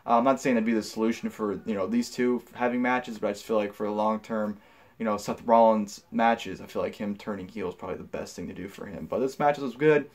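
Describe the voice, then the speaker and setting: A man's voice: fairly low pitch, steady tone, fairly quick, a little mellow. A young man giving a casual spoken review, rambling with many fillers and restarts, blunt and profane when annoyed. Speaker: wrestling show reviewer.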